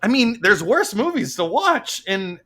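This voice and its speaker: A man co-hosting a podcast, reviewing a bad movie in an animated, exasperated way, laughing often. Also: high-pitched, a little slow. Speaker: podcast co-host. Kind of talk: casual movie review chat.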